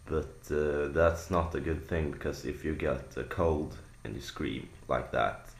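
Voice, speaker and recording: A young man with an extremely deep, gravelly voice talks slowly through a screaming technique. He rambles, restarts and fills gaps with "uh" and "like", sounding casual rather than polished. The home recording has a noticeable echo from the room. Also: steady tone. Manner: rambling, filler-heavy explanation. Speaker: vocal tutorial maker. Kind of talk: casual spoken tutorial.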